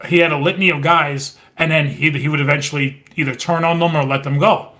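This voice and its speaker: A man's voice: on the high side, steady tone, fairly quick, pushed and bright. Chatty man recapping at length. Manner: rambling, retells scenes with quoted lines. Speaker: podcast co-host. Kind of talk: casual wrestling recap chat.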